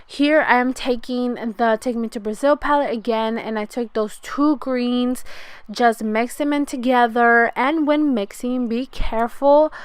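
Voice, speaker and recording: A beauty vlogger in her 20s from California chats casually through a makeup tutorial, calling her viewers "you guys." She's chatty and relaxed. Her voice is a little high and unhurried, with a clean tone and no echo.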